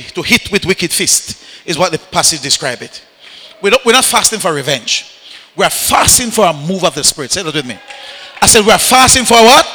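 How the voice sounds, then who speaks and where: A man preaches in a very high, sharp, gravelly voice. He drives a call-and-response sermon with shouted, repeated refrains. His voice rings out through a reverberant church hall. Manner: repetitive chanting of refrains. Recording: echoey hall.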